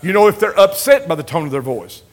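High-voiced older preacher. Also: male voice, lively intonation, fast talker. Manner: folksy preaching, repeated amens, rising emphatic lines. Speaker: pastor. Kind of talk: sermon.

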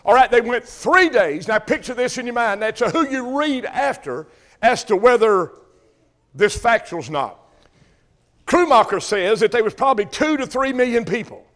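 A man's voice: very high voice, expressive, moderate pace, fairly bright tone. An older man preaching a folksy sermon, calling questions out to his congregation.

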